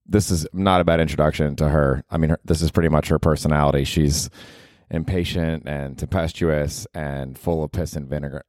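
A man in his forties hosting a comedy podcast from a small apartment, talking in a dry, deadpan, slightly sheepish way. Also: rumbling low, a little fast, dry recording. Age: 40s. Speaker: podcast host.

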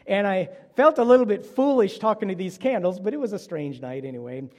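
A male pastor preaching to his congregation with a high yet mellow voice. He tells stories and acts out the dialogue in a lively way. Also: big-room sound. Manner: storytelling with animated dialogue. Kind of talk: sermon.

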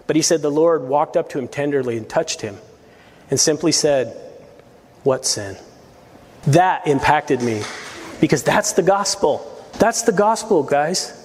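A man's voice: a little high, lively intonation, normal speed, darkish tone, breathy edge, in a large hall. A man preaching a verse-by-verse sermon as pastor, earnest and emphatic, with rising appeals to his listeners. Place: church sanctuary.

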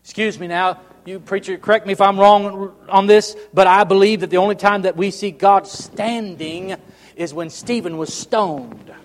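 A high-pitched middle-aged man preaches a revival sermon, his voice ringing out in a church sanctuary with a long, trailing reverb. He swings from loud, emphatic proclamation to hushed intensity. Between passages he jokes with the congregation and calls for amens. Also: steady tone, normal speed.

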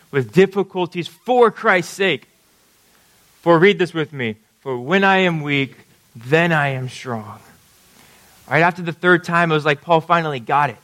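A man's voice: fairly high pitch, fairly bright tone. A man preaching a sermon, talking conversationally and checking in with his listeners. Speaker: pastor.

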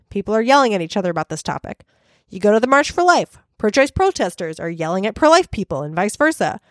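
A woman's voice: a little high, dry recording, studio quality. A young adult woman hosting a podcast, talking earnestly and telling stories in a scripted monologue. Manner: earnest, animated storytelling. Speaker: podcast host and volunteer trainer.

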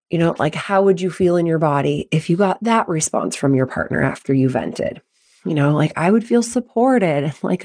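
A woman's voice: on the low side, lively intonation, a little fast. Chatty, direct woman coach. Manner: direct, chatty, addresses parents. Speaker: mental performance coach. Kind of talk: podcast monologue.

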